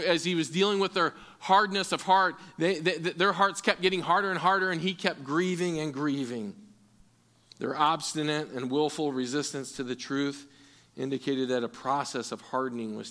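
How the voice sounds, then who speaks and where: A man's voice: a little high, a bit bright. A man preaching a sermon in an earnest way, often repeating words as he restarts. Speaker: pastor.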